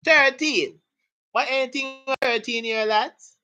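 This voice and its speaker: A woman's voice: high-pitched, unhurried, bright, forceful tone, rough recording. A woman teaching a live exam prep lesson, joking and laughing with her students as she goes. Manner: playful, laughing, hypes up students.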